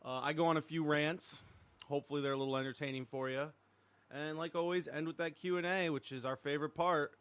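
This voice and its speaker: A man's voice: a little high, steady tone, fast talker, fairly bright tone, clean tone. A man giving a casual episode intro for his podcast, running through topics and thanking supporters. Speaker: podcast host.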